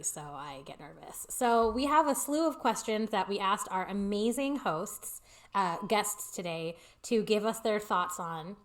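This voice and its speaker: A woman hosts a casual online talk show from her apartment, chatting away in a loose, easygoing manner. Her voice comes through a computer mic that sounds tinny and echoey, with a little feedback. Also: medium pitch. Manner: chatty, flustered by audio problems, laughing. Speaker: podcast host. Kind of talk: casual live-stream chat. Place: home apartment. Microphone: computer microphone on a video call.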